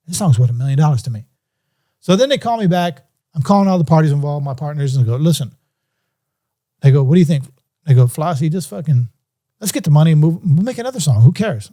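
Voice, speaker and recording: Animated man telling a business story. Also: on the high side, quick pace. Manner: animated, acts out phone calls in voices. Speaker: music producer, interview guest. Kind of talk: storytelling interview.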